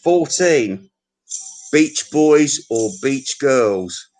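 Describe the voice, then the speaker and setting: Sweary slow-talking British man. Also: mid-range voice, animated, darkish tone, faint music behind, rough recording. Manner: sweary, mocking, rambling. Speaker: vlogger. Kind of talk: casual rambling video chat.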